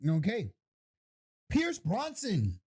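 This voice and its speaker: A man's voice: high voice, huge pitch swings, drawn-out words, darkish tone, slightly rough. A man co-hosting a casual podcast chat, easygoing and often chuckling. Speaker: podcast co-host.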